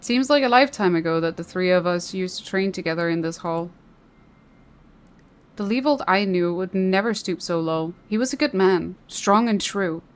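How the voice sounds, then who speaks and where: A woman's voice: lowish voice, moderate pace, lightly acted. A woman voicing a grim, plain-spoken male veteran gladiator in a game, reading his lines steadily and earnestly.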